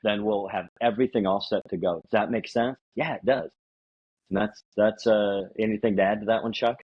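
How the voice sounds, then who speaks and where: A podcast co-host chats casually about sales advice, acting out bits of sales dialogue in a conversational manner. His fairly low voice is steady in tone, a little fast, with a breathy edge. The audio is dull and lo-fi.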